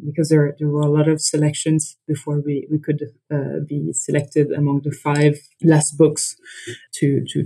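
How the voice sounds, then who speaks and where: A woman from Italy with an Italian accent, speaking as an economist guest in a podcast interview, thoughtful and halting with frequent restarts. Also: low-pitched, dark tone, low-quality recording.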